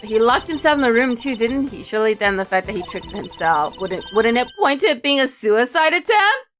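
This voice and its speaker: A guarded female suspect from a video game, read by a woman who drops into a lower, quieter tone. Soft game music plays in the background. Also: sing-song, a little fast. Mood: defensive. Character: defensive woman suspect, adult.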